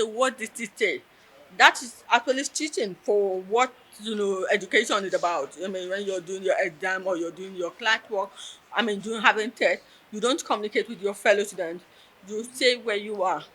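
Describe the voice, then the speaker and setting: A woman's voice: mid-range voice, sharp tone, slightly rough, rough recording. A woman telling a personal story in an interview, earnest and emotional, close to tears. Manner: earnest, emotional, tells with quoted dialogue.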